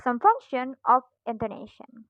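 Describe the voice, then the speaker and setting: A woman's voice: sits high, big pitch swings, no echo, phone-quality sound. Young woman reading a phonetics lesson aloud. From Indonesia. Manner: careful, halting reading with small slips. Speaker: student presenter.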